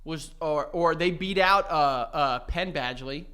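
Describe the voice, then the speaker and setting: A man co-hosting a podcast in casual chat, joking and teasing his co-host, often laughing and shouting. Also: a little high, a little slow, clear, resonant tone.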